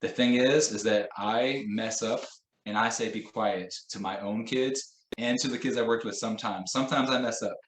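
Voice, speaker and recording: A man's voice: medium pitch, fairly even intonation, moderate pace, roomy sound, rough recording. A man training teachers in a conversational way, illustrating points with examples and quoted phrases. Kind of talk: professional development lesson.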